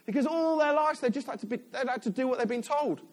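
A man's voice: extremely high pitch, fast. A man, a church elder, giving a chatty, self-deprecating sermon in a church.

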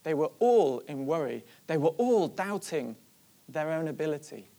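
A preacher giving a sermon, retelling a story in an animated way and asking the listeners rhetorical questions. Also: mid-range voice, moderate pace.

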